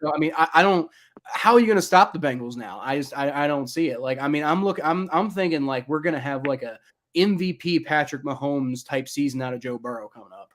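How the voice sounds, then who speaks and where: A man's voice: fairly high pitch, lively intonation, brisk, fairly bright tone. A man co-hosting a sports podcast in casual chat, rambling with many fillers and restarts. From Ohio. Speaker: podcast co-host.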